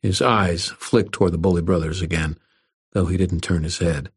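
Low husky guy reading a first-person audiobook, steady and measured, dry close sound. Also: no room sound. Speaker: audiobook narrator. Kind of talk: first-person scripted narration.

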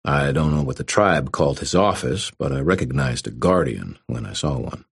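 A man's voice: extremely low pitch, expressive, moderate pace, creaky, slightly rough, no echo. A man reading a first-person story aloud with dry, wry delivery. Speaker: audiobook narrator. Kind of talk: first-person audiobook narration.

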